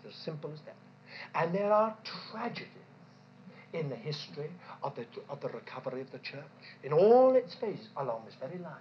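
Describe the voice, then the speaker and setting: A woman preaches a sermon, her pitch swinging widely as she leans into rhetorical questions and repeats key points for emphasis. The recording sounds dull and lo-fi, with a faint ambient hiss behind her. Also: sing-song, a little fast.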